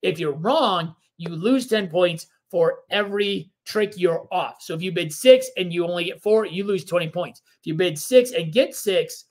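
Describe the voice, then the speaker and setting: Man, fairly high pitch, casual board game co-host, easygoing rambly explainer. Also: normal speed, few pauses. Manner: relaxed, rambling explanations with fillers. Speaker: podcast co-host.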